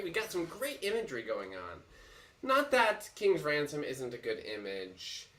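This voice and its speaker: Male musical theatre teacher, animated and unhurried, sings examples; echoey room. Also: a little high, far from the mic. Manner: animated, breaks into singing lines. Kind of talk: song analysis with sung examples.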